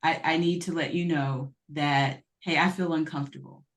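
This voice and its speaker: A woman's voice: deep voice, fairly even intonation, moderate pace. A woman from the United States speaking earnestly as a panel guest, often restarting her sentences and sharing personal stories. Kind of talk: panel discussion.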